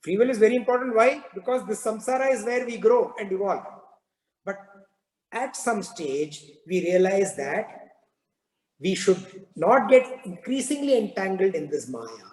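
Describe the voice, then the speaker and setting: Brief: man, spiritual teacher, high voice, storytelling discourse, reverberant hall. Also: expressive, a little slow. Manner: explanatory, storytelling, phrases trail off softly. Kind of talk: satsang discourse and parable telling. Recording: echoey hall with long reverb.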